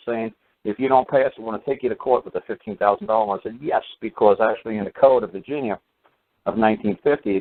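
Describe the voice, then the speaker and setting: A man telling a long story in a casual, rambling way, full of fillers and acted-out quotes. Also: on the low side. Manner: rambling, many fillers, acts out quoted voices. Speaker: speaker giving recorded teachings. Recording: tinny phone-line sound.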